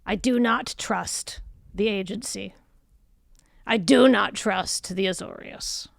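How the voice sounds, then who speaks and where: A woman voicing a bossy, scheming female boss with a shrill, loud voice in a tabletop game. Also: slow pace, vocal fry, dry recording, clean studio sound, exaggerated voice.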